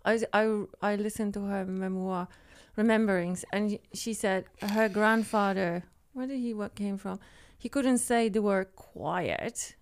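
A woman co-hosting a podcast, chatting casually in short, halting phrases. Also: mid-range voice. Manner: brief interjections, halting phrasing. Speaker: podcast co-host. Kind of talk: casual chat.

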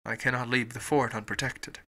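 A man's voice: medium pitch, fairly even intonation, brisk, bright, forceful tone, voice pushed down. A man reading an audiobook voices a stern, dutiful army captain with a firm delivery. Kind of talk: audiobook character voice.

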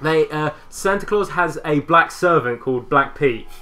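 A man's voice: fairly high pitch, animated, normal speed, sharp tone, soft background music. A man chatting casually as co-host, explaining things in a rambling, hesitant way. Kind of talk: casual chat.

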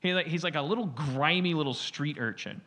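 A man's voice: a little high, lively intonation, fairly quick, bright, forceful tone. A man hosting a podcast, rambling comedically through stories with lots of fillers and acted-out quotes. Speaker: podcast host.

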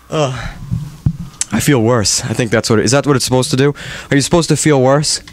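A man's voice: medium pitch, a little fast, crowd noise, background noise. A man hosting a comedic radio show on a studio microphone, ranting in mock-melodramatic exasperation.

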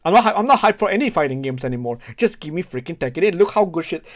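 A male streamer reacting to a game trailer at his PC, hyped and swearing, repeating words, his voice going hoarse. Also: fast, few pauses. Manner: hyped, swearing, repeats words, pitch jumps when excited. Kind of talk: excited casual reaction chat. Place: home room at his PC.

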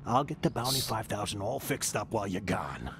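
A man voicing a gruff, dismissive male alien in a video game. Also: on the low side, sing-song, fairly quick.

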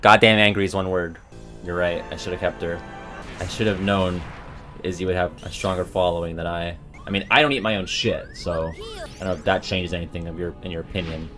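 A young man streaming a video game, joking and swearing, swinging from mumbles to yells, with faint music behind him. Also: deep voice, steady tone, fairly quick. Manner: swears a lot, jokey, swings from mumbling to yelling. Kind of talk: casual game-stream commentary.

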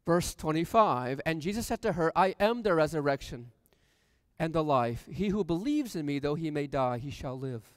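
High, smooth-voiced male preacher. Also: animated, normal speed, dry recording, big-room sound. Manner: reads scripture aloud, then asks the congregation questions. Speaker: pastor. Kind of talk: sermon. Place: church sanctuary.

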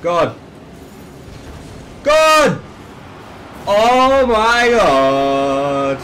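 Excitable man yelling at gameplay. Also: high voice, very slow, slight background noise, rough recording. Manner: excitable, yelps and shouts at plays, swears, laughs often. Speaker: gamer commentating his own play. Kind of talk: gameplay commentary.

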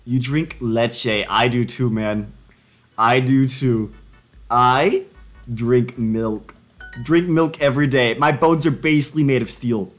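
A young man live-streaming, chatting casually and joking excitedly with himself while working through language drills. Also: slow pace, soft background music. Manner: jokey, excitable, laughing self-commentary with sudden pitch jumps.

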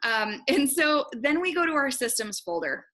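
Bright, quick-talking woman, gym owner, upbeat webinar host, lots of ums. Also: high voice. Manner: excited, fast-talking, uses many ums. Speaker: gym owner and program coach. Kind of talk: casual webinar walkthrough.

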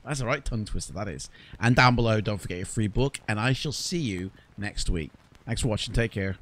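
A man's voice: fairly low pitch, brisk, a bit bright. A man, hosting a gaming channel and giving chatty gameplay commentary full of exasperated asides.

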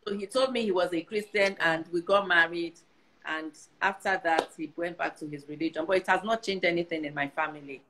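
A woman's voice: lowish voice, a little fast, noisy background. A Nigerian woman in her sixties giving earnest advice in casual conversation, often repeating herself for emphasis. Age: 60s. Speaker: guest.

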